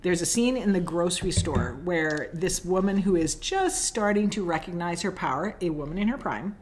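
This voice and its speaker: A woman's voice: lowish voice, lively intonation, moderate pace, a little mellow. A middle-aged woman from Canada co-hosting a podcast, chatting casually and telling stories. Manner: chatty storyteller, agreeable. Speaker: podcast co-host. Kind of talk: casual chat.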